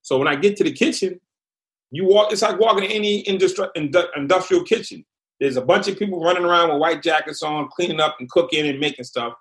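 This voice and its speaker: A man's voice: on the high side, quick pace, a bit bright. A man from Massachusetts, a former prisoner, telling his story bluntly in an interview.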